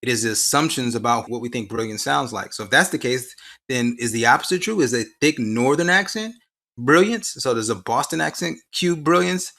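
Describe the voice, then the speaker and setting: A man's voice: mid-range voice, a little fast, vocal fry, bright, forceful tone. A man being interviewed as an education researcher, explaining ideas at length and posing rhetorical questions with emphasis. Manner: expansive, emphatic, often asks rhetorical questions. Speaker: guest researcher in science education.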